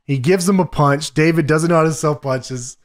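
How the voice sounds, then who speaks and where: A man co-hosting a podcast, recapping a wrestling show in a casual, profane, excited play-by-play. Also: a little high, moderate pace. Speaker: podcast co-host.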